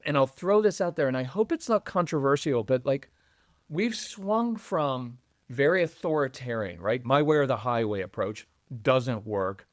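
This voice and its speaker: A middle-aged man guesting on a podcast about parenting, who talks in an animated, conversational way and acts out what other people say. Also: normal speed, no echo, studio quality. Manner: animated, acts out quoted voices with jumps in pitch. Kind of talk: conversational interview.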